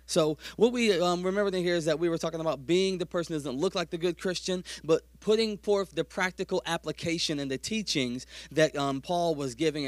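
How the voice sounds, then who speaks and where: A man's voice: high voice, no echo. Dry-voiced conversational male pastor preaching. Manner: conversational, self-deprecating preaching with asides. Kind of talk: sermon.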